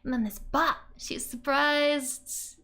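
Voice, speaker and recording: A woman's voice: sits high, fairly even intonation, slow pace, sharp tone. A woman teaching a language lesson in a casual, chatty way, laughing often as she explains. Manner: giggly, chatty, frequent laughs. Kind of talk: casual lesson narration over screen.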